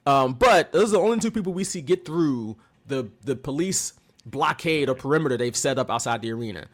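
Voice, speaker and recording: A man co-hosting a podcast, recapping in casual chat with animated storytelling and mocking quotes. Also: mid-range voice, brisk. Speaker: podcast co-host.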